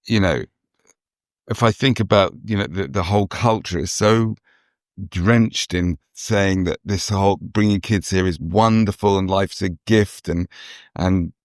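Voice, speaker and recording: Low voiced guy, kinda hesitant, lots of restarts, casual podcast chat. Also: unhurried, no echo, clean studio sound. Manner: hesitant, full of restarts and fillers. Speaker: podcast co-host.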